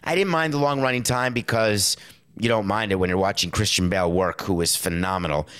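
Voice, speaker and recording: A middle-aged man delivering a casual commentary monologue, lively and acting out quotes in put-on voices. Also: fairly low pitch, a little fast, clear, resonant tone. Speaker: sports and movie commentator.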